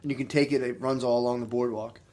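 Young man, quick, profane storyteller, podcast host. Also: mid-range voice, fairly even intonation, warm tone. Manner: swears a lot, laughs through stories. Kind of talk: casual chat, storytelling.

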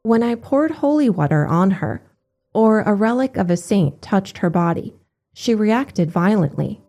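Woman, scripted narration, measured and even, warm dark tone, faint music underneath. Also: medium pitch. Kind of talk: scripted narration of religious accounts.

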